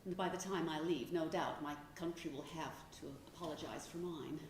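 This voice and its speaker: A woman's voice: low-pitched, a little fast, natural voice. An actress on a stage playing a witty woman writer who reads out her wry, teasing letters. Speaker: stage actor. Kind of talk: stage play reading letters aloud. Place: theatre stage. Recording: roomy theatre, from far off, faint noise.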